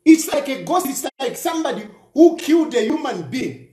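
A man reacts to a news clip in mocking commentary. His voice sits high and leaps around as he hammers the same rhetorical questions. The room around him rings with echo. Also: very animated, normal speed, mellow. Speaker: political commentator.

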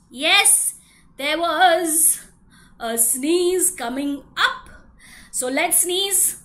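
A young woman preschool teacher with an Indian accent, telling a story to small children in an animated way, asking them questions and leading actions. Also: sits high, slow.

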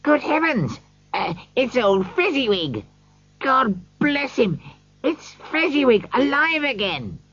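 A man voicing an old miser who exclaims in a high, strained voice. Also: sing-song, unhurried, few pauses, a bit bright, slightly rough, no room sound, muffled recording, heavily acted. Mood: excited. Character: old male miser, stirred and excitable.

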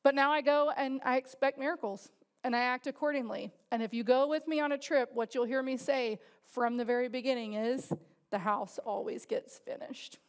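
A female pastor telling a story in a conversational sermon, in a lively storytelling manner. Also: high-pitched, brisk, smooth.

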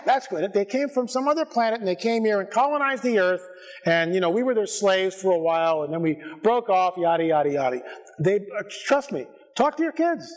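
An American man giving a lively church conference talk, full of sarcastic asides and bursts that climb to near-shouts. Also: high-pitched. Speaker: conference speaker. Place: church sanctuary before an audience.

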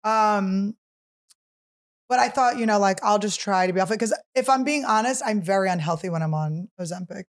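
A woman in her thirties tells a funny story on her podcast in a loose, chatty way. Her pitch sits at an ordinary middle height. She slips in and out of other people's voices as she quotes them. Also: fast talker, few pauses. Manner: animated, acts out others' quotes, shrieks while teasing. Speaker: podcast host. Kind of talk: casual comedic storytelling.

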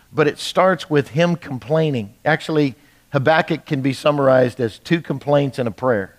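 A male pastor preaching a midweek sermon in a church, talking in a conversational way, often repeating words as he builds intensity. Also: medium pitch.

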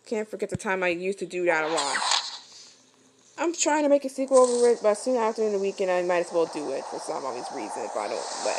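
A woman with a fairly low, sing-song voice talks quickly through let's-play commentary, giggling and exclaiming as she plays a game for her channel. The phone screen recording is very noisy, with loud game music.

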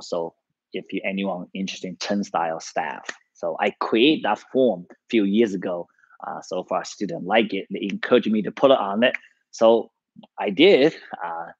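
A man's voice: low-pitched, slightly rough, dry recording, highs cut off. A man with a Chinese accent, a tai chi teacher casually telling a story to his live-streamed class, with many fillers and easy laughs.

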